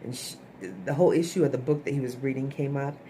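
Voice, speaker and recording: A woman's voice: a bass voice, steady tone, fast talker, dark tone, a little hiss or hum. A woman giving a casual, chatty recap of a TV episode to her viewers, often checking in with "okay?" asides. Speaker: TV show reviewer.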